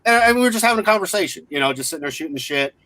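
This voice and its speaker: A man in his forties, voice pitched a little above the usual, telling a story in blunt, profane casual chat. The sound is dry and close, with almost no room around it. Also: racing, dry recording. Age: 40s. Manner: profane, blunt, animated retelling.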